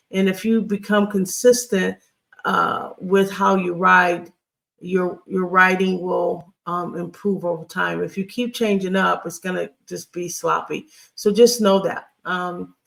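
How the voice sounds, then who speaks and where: A teacher giving a recorded Hebrew grammar lesson while writing on screen, talking in a halting, patient way and often checking in with the class. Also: medium pitch, vocal fry, a bit bright.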